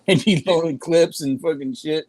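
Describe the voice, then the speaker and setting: A man speaking as a guest in a casual interview, blunt, swearing freely, with halting restarts. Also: on the high side, no echo. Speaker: guest actor.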